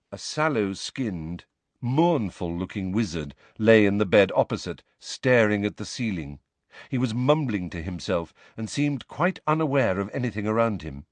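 Expressive male storybook narrator. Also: lowish voice, dry recording. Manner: lively, expressive. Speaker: audiobook narrator. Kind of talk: storybook reading.

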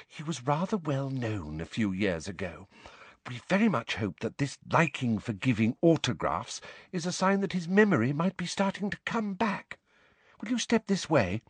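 A man voicing a fussy, motherly middle-aged female healer who coos and speaks softly. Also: medium pitch, sing-song, normal speed, husky, dry recording, pitched above the performer's own voice. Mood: confiding. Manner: cooing, soft, fond.

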